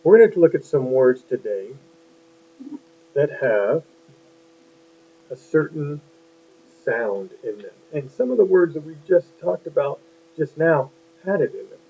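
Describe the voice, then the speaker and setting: A man's voice: on the high side, animated, unhurried, pauses often, slight background noise. A man teaching a phonics lesson to young children, patient and encouraging, asking lots of questions. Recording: tinny lo-fi phone-like sound.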